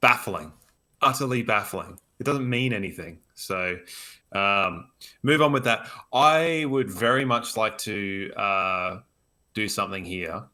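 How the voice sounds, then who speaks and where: A man's voice: lowish voice, unhurried, bright, forceful tone. A man co-hosting a casual sports podcast, talking in an emphatic, opinionated way. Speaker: podcast co-host.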